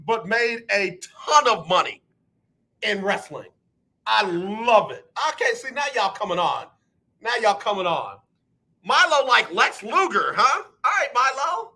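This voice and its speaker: A man hosting a live radio talk show, animated and joking as he teases his listeners. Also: sits high, measured pace. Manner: animated, joking, playful teasing. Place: radio studio.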